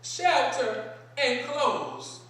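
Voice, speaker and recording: A preacher's high, somewhat bright voice moves extremely slowly through a sermon, echoing with heavy reverb in a large synagogue sanctuary. Captured from afar, the speaker asks rhetorical questions and returns to key phrases again and again.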